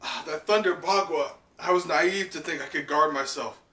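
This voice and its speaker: A man's voice: fairly high pitch, moderate pace, sharp tone. A man voicing a bold, protective young woman warrior who speaks urgently. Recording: echoey room, distant mic.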